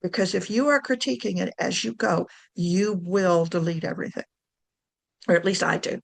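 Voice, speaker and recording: Chatty woman with a gravelly voice. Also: lowish voice, moderate pace. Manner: chatty, self-correcting, laughs often. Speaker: writing coach. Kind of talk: informal talk to camera.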